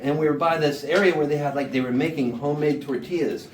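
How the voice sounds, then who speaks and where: A male singer-songwriter with a slightly high voice talks quickly and laid-back, laughing through a rambling comic story and quoting people in voices. He's before a live audience in a small showcase room, recorded with a distant mic in a roomy space with background noise.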